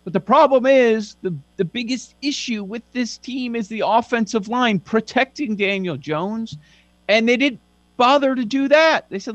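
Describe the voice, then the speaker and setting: Man, sports betting host, sarcastic, slightly high voice, dry close sound, mains hum. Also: no room sound. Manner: sarcastic, lists facts quickly. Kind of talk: casual sports betting chat.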